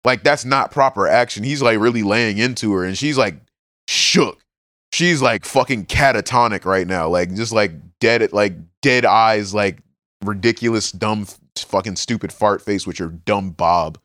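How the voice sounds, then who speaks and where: A man on a podcast retelling a story with loud, profane enthusiasm and lots of slang. His voice sits on the low side and sounds dry and close, with no room around it. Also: a little slow, no room sound. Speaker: podcast co-host. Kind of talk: casual chat recapping a manga.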